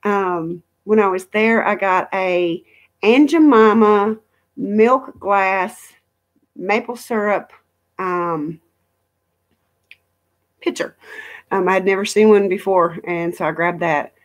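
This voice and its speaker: A woman's voice: medium pitch, slow pace, long pauses. A middle-aged woman chatting casually on a live stream from home, rambling through travel stories and reading viewer comments aloud. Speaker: livestream host.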